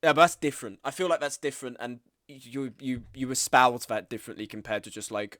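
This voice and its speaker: A man, streaming and chatting casually, animated and blunt, with frequent swearing and mimicking of others. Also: a little fast, dry recording, clean studio sound. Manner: animated, swearing, acts out quoted people in higher voices. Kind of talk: casual live-stream commentary.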